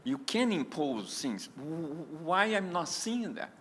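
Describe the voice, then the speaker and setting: A man's voice: fairly high pitch, big pitch swings, a little slow, a bit bright, a little hiss or hum. A man in his sixties speaking up from the audience at a public meeting, emotional and pleading. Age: 60s. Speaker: audience member asking a question. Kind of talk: impassioned public comment. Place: meeting hall.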